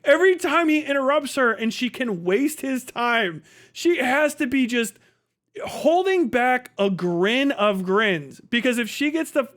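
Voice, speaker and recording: Man streaming, fairly high voice, swears a lot, animated retelling, casual commentary. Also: slow.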